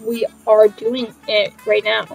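A woman's voice: fairly high pitch, little pitch movement, slow, vocal fry, breathy edge. Sarcastic young woman game streamer. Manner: mock-dramatic, sarcastic, repeats phrases. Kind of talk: casual live-stream chat. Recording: faint music behind.

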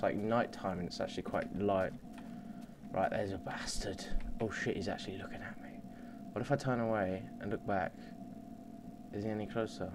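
A young man commentating on his game at home, muttering and swearing, with sudden loud yells. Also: on the low side, noisy background. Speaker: let's play gamer. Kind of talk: casual gameplay commentary. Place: home computer desk. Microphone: desk mic under the monitor.

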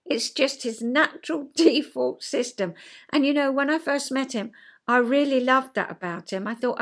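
Woman host, fairly high voice, casual chat, mimics voices with big pitch leaps. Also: normal speed. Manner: acts out quoted voices with big pitch jumps; chatty, checks in with listener. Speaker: podcast host. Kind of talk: casual chat explaining psychology.

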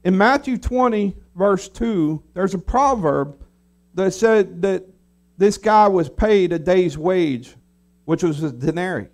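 A pastor preaching in a high, light voice. He talks through the scripture plainly and conversationally and now and then acts out the voices of a grumbling crowd. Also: lively intonation, takes it slowly, darkish tone. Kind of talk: sermon.

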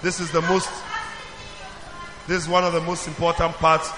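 A man's voice: a little high, moderate pace, a crowd in the background. A man teaching a children's church in call-and-response, asking questions and prompting the group to answer. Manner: animated, questioning the audience, calling for answers. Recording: reverberant hall.

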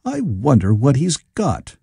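A man reads as a doubtful Victorian psychologist. He muses sceptically, with a lively pitch and a mellow tone. The sound is dry and close. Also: measured pace, gravelly, slightly rough, dry recording, heavily acted.

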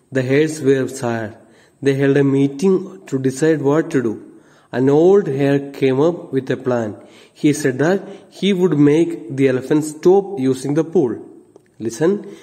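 A man's voice: mid-range voice, mellow, in a large hall. A man teaching an English lesson, reading a story aloud and spelling out words letter by letter to explain them.

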